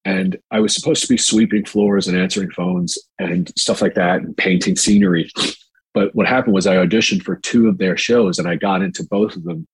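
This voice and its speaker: Older man, very low voice, husky, rambling storyteller, dry room. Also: a little fast, no room sound, rough recording. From New York. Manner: relaxed, rambling with fillers, mimics quoted voices. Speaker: actor. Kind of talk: storytelling in a casual interview.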